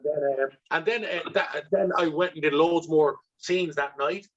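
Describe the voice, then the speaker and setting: A man's voice: fairly high pitch, moderate pace, lo-fi sound, background noise. Blunt Irish man, swearing freely. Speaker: interview guest, actor. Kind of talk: candid storytelling.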